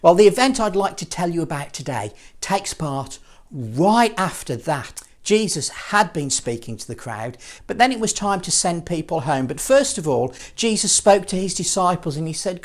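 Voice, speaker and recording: A man's voice: sits high, moderate pace. Playful man telling a children's Bible story. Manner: playful, expressive, jokey asides. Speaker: children's assembly presenter.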